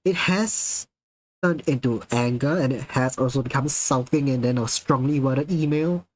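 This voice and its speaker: Live on stream, a man chats casually and excitedly with his audience, cursing and laughing a lot at their messages. He has a mid-range voice at normal speed, captured in a low-quality recording without echo.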